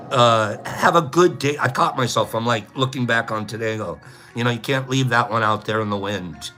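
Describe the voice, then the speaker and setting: A man hosting a casual livestream, playfully rambling through shout-outs to viewers by name. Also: medium pitch, moderate pace, faint music behind. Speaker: livestream host. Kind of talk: casual livestream chat, reading out viewer names.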